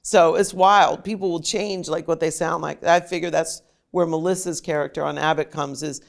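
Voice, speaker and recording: Interview guest: animated middle-aged woman, gravelly fry. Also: sits low, moderate pace. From Maryland, USA. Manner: animated, slips into playful voices. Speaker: actress guest. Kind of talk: casual interview chat.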